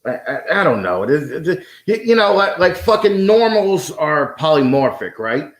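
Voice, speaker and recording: A man talking as a podcast guest with a fairly high voice, ranting and swearing freely. He stumbles into repeated restarts as he goes off on a tangent. His voice carries a roomy echo. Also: very animated, moderate pace. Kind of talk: casual profane chat.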